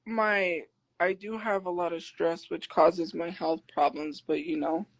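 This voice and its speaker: A woman livestreaming who answers her chat defensively and argues back, habitually talking loud. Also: lowish voice, steady tone, measured pace, poor audio. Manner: defensive, argumentative. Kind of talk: live stream chat replies.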